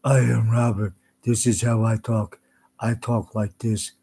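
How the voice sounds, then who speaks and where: A man mimicking another man as a smug, pompous rich man, talking slowly and loudly. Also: lowish voice, flat delivery, creaky, breathy edge, exaggerated voice.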